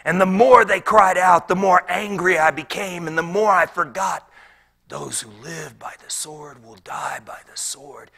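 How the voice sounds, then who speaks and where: Guy playing an old ex-rebel wood carver, gravelly, bright edge, slow and whispery, big swings to shouts. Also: medium pitch, faint music behind, exaggerated voice. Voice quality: gravelly, often dropping to a whisper. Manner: storytelling that swings from hushed whispers to loud outbursts. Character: Simon the Zealot, older man, ex-rebel turned peaceful wood carver. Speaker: pastor. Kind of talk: dramatic character monologue.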